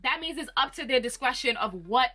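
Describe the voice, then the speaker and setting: Young woman vlogger, bright forceful voice, opinionated gossip recap, faint music behind. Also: high voice, brisk. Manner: opinionated, animated, laughs often. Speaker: reality TV commentator.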